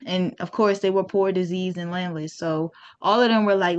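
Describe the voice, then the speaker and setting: A woman's voice: fairly low pitch, steady tone, normal speed, hardly any pauses, smooth. Chatty woman on a dull lo-fi recording. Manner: informal, chatty, with slang and restarts. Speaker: host. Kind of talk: casual history talk to viewers.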